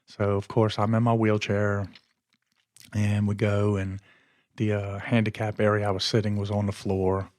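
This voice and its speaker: A man's voice: fairly low pitch, completely flat delivery, moderate pace, darkish tone, no room sound, clean studio sound. A man hosting his podcast, telling a story in a rambling, conversational way. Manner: rambling and conversational, often losing his train of thought. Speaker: podcast host. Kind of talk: casual storytelling monologue.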